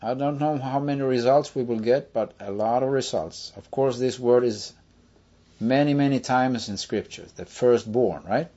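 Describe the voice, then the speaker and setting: A man teaching a step-by-step screen-share lesson, slowly explaining and checking in with listeners. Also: medium pitch, dark tone, lo-fi sound. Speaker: Bible teacher.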